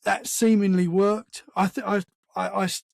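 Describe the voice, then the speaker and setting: A man, a podcast guest, telling a story in casual conversation, animated and full of restarts. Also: high voice, normal speed, gravelly, no echo. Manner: animated storyteller, acts out sounds and quotes; many restarts and "man" fillers.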